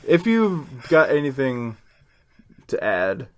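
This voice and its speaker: A man's voice: medium pitch, big pitch swings, slow pace. A man co-hosting a casual comedy podcast, rambling crudely and laughing often. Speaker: podcast co-host.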